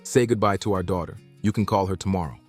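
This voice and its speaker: Woman voicing a deep, calm father. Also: fast, breathy edge, faint music behind. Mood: firm. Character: calm middle-aged father.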